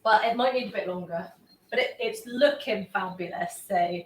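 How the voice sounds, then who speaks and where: A young woman chatting to her live-stream viewers as she bakes in her kitchen, excitable and sweary, often drifting away from the mic. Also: medium pitch, moderate pace, slight background noise. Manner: chatty, sweary and excitable, talking to chat while baking. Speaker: baking livestreamer. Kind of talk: casual live-stream chat. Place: home kitchen. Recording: echoey kitchen with faint ambience.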